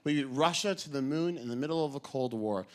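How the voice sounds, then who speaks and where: A man from New doing a stand-up comedy set, telling stories and acting out voices with animated delivery. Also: medium pitch, a little fast. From New York City. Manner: animated storytelling, acts out voices.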